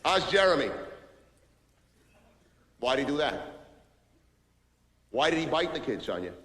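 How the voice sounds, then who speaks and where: Casting note: a man doing a brash New executive barking sarcastically into the phone, voice pitched a bit high, stage mic in an echoey hall. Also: sing-song, fairly bright tone. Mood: ranting. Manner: barking, sarcastic, rapid-fire phone rant. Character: loud, pushy, self-pitying male business executive. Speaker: stage actor in a one-man play. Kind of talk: stage monologue. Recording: echoey hall with long reverb, faint ambience.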